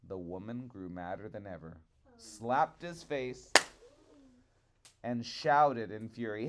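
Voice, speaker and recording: A man reading a fairy tale aloud to children in a rhythmic, expressive way. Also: fairly low pitch, takes it slowly, pauses often. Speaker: storyteller.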